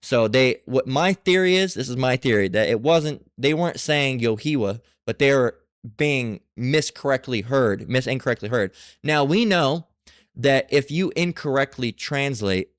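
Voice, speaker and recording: A man giving a casual scripture lesson, reading passages aloud and talking in a halting way with many fillers and restarts. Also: mid-range voice, expressive, no room sound, clean studio sound. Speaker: religious teacher.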